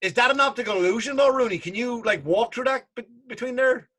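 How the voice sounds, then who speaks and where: A man's voice: very high voice, fast talker, fairly bright tone. A male comedian co-hosting a podcast from a basement home studio, ranting in casual, profane chat.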